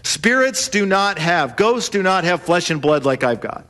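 A man preaching a sermon, telling the story in a lively way and acting out the voices of the people in it. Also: high-pitched, normal speed. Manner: animated storytelling, acts out voices of the disciples. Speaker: pastor.

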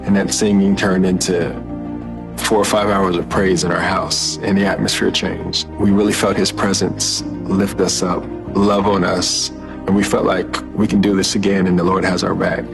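Man, very low voice, flat delivery, earnest testimony, music underneath. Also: moderate pace, vocal fry. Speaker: interviewee. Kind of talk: personal testimony.

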